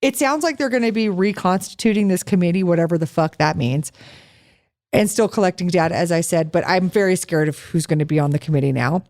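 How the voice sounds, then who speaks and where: A woman's voice: lowish voice, a little fast, darkish tone. A woman co-hosting a podcast in casual chat, sarcastic and profane, telling stories with animation. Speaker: podcast co-host.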